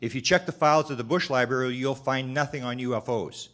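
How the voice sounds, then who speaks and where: A man's voice: medium pitch, a bit bright. Man reading formal hearing testimony. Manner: measured, formal delivery with occasional restarts.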